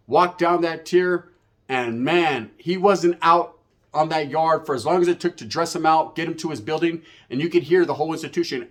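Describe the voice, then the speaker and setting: A man's voice: a little high, fairly quick. A man casually telling a story from his time in prison, in profane street slang and with knocking sound effects. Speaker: storyteller recounting prison life.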